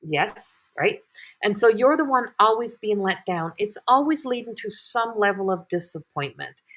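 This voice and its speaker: Woman, intuitive reader on a livestream; loose, repetitive delivery full of restarts; mid-pitched voice. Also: animated, moderate pace, fairly bright tone. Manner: rambling and repetitive, many fillers and restarts. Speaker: intuitive reader hosting live readings. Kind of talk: live-streamed psychic reading.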